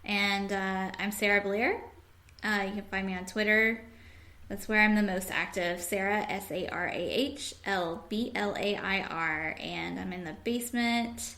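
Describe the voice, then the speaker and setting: Creaky-voiced woman podcast host. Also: medium pitch, steady tone, a little slow, sharp tone. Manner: reads listener comments aloud, laughs often. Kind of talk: casual podcast chat.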